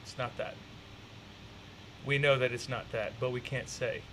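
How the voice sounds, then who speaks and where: A man hosting a stream, reacting to clips in a rambling, profane, excitable way. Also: medium pitch, unhurried. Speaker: streamer host. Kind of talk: casual reaction commentary.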